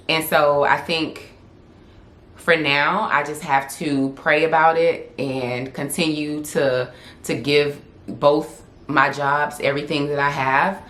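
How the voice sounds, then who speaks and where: A woman's voice: sits low, fairly bright tone. A young woman, chatting candidly and laughing often in a casual Q&A vlog. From Southern United States. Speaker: vlogger and influencer. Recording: echoey room.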